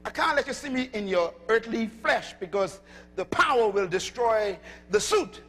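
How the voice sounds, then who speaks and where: A man voicing God as a calm, fatherly deity who speaks gently and reassuringly. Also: high voice, moderate pace, long reverb tail, faint music behind, voice pushed down, heavily acted. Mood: warm, reassuring.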